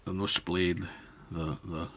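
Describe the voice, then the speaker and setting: A man demonstrating fly tying step by step, talking in a relaxed way as he works with his hands. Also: low voice, slow, slight background noise. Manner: relaxed, thinking aloud while working with hands. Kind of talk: step-by-step tutorial narration.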